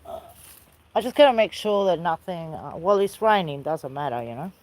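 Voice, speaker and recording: A woman's voice: lowish voice, expressive, measured pace, a little mellow, poor audio. A woman with an Australian accent chatting in a rambling, easygoing way outdoors by a fire, calling out now and then to people off camera. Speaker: vlogger. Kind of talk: casual chat. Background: rain falling.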